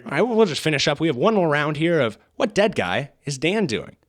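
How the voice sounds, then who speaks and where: Male comedy podcast host, deadpan, mock-formal, fairly high voice, swoops up and down. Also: a little fast. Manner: deadpan, mock-formal game-show delivery.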